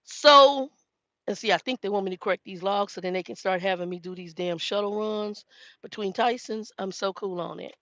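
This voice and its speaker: A woman's voice: medium pitch, normal speed, fairly bright tone, dry recording, muffled recording. A woman, a truck driving trainer chatting casually to viewers and telling a story by quoting herself. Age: 50s.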